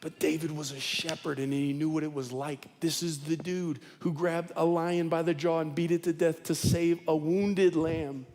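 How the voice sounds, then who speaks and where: A man's voice: on the high side, level tone, normal speed, hardly any pauses, darkish tone, long reverb tail, faint music behind. Male pastor preaching with emphatic repetition. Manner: emphatic storytelling with heavy repetition. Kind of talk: sermon. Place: church auditorium.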